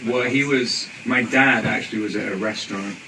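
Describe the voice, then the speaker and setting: Young English man, guest, rambling and laughing anecdotes, lowish voice, distant mic with noise. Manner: halting, laughing storyteller with many fillers. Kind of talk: casual chat.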